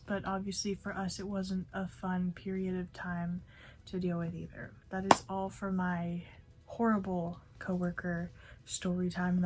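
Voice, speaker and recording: A woman's voice: on the low side, a little mellow. Chatty young woman telling a storytime. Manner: chatty, lots of "like" and "you know" fillers. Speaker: vlogger; fast food worker. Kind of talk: storytime vlog.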